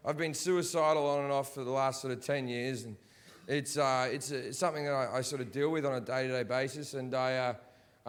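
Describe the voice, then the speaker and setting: A man in his thirties doing a stand-up comedy set in a big theatre, with a profane, ranting delivery that often swells into shouting. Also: medium pitch. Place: large sold-out theatre.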